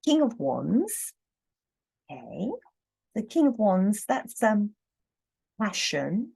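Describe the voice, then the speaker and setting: A woman reading tarot cards in a casual, thoughtful monologue, pausing often and restarting her sentences. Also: medium pitch, sing-song, gravelly, darkish tone, husky. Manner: thoughtful, hesitant, many ums and restarts. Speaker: tarot reader.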